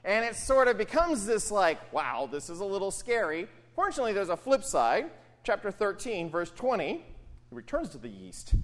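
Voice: mid-range voice, moderate pace. A pastor preaching in a casual, conversational way, often checking in with the listeners by asking "right?". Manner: animated, often asks "right?". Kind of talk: conversational sermon.

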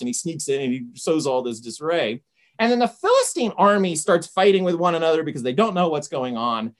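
A woman giving an informal lecture, retelling a story conversationally and often checking in with "right?". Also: fairly low pitch.

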